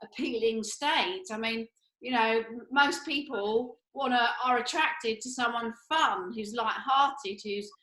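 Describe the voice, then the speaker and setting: A woman's voice: fairly high pitch, slow pace, sharp tone. A woman co-hosting a casual chat, talking in a breezy, upbeat way with lots of fillers. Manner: breezy, upbeat, full of fillers and bursts of laughter. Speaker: co-host. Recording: echoey room.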